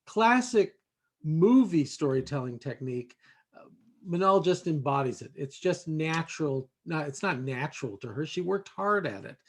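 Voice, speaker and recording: Slightly high-voiced man as host. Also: expressive, normal speed. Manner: warm, praising, explanatory. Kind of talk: host commentary.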